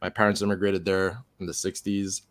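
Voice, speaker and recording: A man from Montreal hosting a casual live stream chat, jokey and quick to laugh. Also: low voice, flat delivery. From Montreal, Canada. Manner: laughs often, jokey, slips into accents.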